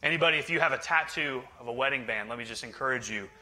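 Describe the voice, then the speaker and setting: Man, pastor, joking sermon, conversational, bright voice. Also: mid-range voice, very fast. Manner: joking, conversational, teasing the congregation. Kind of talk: humorous sermon.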